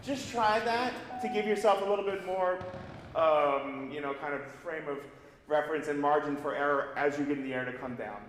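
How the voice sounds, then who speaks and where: A man's voice: a little high, moderate pace, a bit bright, a little hiss or hum. A man leading a singing master class, coaching a student and demonstrating phrases by singing them, in a large recital hall. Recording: echoey hall with long reverb, faint music.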